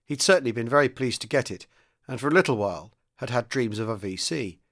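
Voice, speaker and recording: A man reading a novel aloud in a steady, measured narrating voice. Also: mid-range voice. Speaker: reader. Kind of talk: audiobook-style novel reading.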